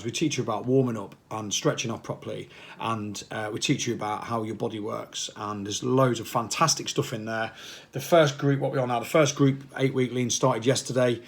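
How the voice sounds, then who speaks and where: A man, a fitness coach, talking casually and passionately to camera, rambling and firing off repeated questions. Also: medium pitch. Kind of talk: casual motivational talk to camera.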